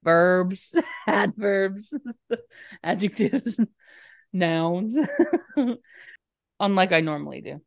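A young adult woman co-hosts a podcast, chatting and giggling through a casual movie recap and briefly acting out the characters' lines in quoted voices. Her voice sits fairly low with vocal fry, and she speaks very slowly with long pauses.

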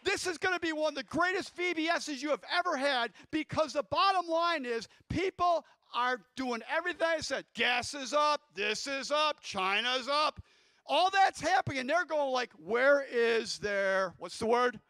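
A man delivers an excitable sermon in a strikingly high, bright voice. He bursts into shouts and pulls the congregation into call-and-response. The sound is dry and close. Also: normal speed, no room sound. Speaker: guest preacher.

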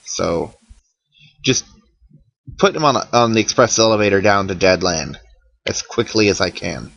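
A man's voice: fairly low pitch, lively intonation, measured pace, gravelly, a bit bright, dry recording, rough recording. A man giving casual, wry commentary over a game he is playing, sounding worn out. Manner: chatty, wry, tired and yawning. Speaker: let's play commentator.

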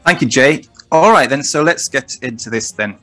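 A man presenting and explaining slides in a recorded discussion, talking in a measured, self-correcting way. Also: medium pitch, lively intonation, sharp tone, faint music behind. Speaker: guest presenter.

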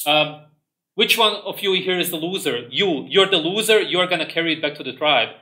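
A man's voice: on the high side, expressive, fairly quick, sharp tone. A man doing a bossy, mocking tribe hunter. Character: bossy male tribe hunter ordering others around.

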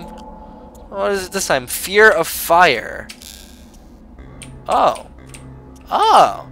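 A man's voice: high-pitched, sing-song, extremely slow, vocal fry, long pauses, sharp tone, soft background music. Sarcastic young man's gaming commentary. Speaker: gaming YouTuber. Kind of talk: let's play commentary.

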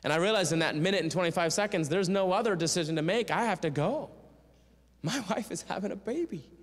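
Man telling an animated story in an echoing church. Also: high voice, fast. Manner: animated storyteller who acts out quoted voices. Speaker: guest speaker and singer. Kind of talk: storytelling sermon. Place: church sanctuary. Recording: long church reverb.

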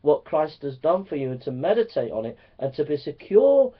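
A man preaching a sermon to fellow preachers, earnest and repetitive, swinging between loud emphasis and hushed lines. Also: a little high, very animated, normal speed. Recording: dull lo-fi recording.

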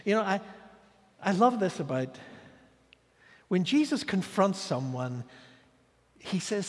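Male guest preacher, high-pitched, theatrical storytelling delivery, long church reverb. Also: very animated, slow pace, long pauses. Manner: dramatic storytelling, swinging from loud declarations to hushed asides. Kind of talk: sermon. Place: church sanctuary.

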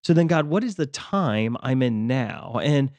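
A man's voice: medium pitch, expressive, unhurried, a little mellow, dry recording. A man co-hosting a faith podcast, talking reflectively with many fillers and restarts. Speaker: podcast co-host, ministry leader. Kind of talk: casual faith discussion.

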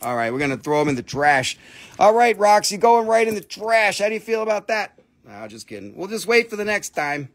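A man's voice: high-pitched, sing-song, fairly quick. A man hosting a live stream where he sells minerals, with playful, jokey, auctioneer-like patter.

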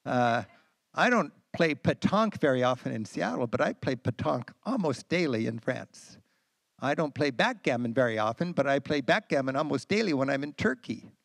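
An American man in his sixties, speaking as a travel writer at a talk event, telling travel stories with animated enthusiasm and frequent fillers. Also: mid-range voice, moderate pace, creaky, no echo, studio quality. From United States. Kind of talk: storytelling talk to an audience. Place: lecture event.

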